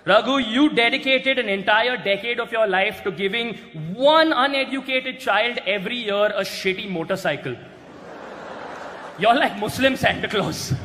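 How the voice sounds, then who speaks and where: A man doing a stand-up roast on stage, mocking his targets with crude punchlines and often shouting them. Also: high-pitched, moderate pace. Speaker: roast comedian. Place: large hall with a live audience. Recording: echoey hall recording with crowd noise.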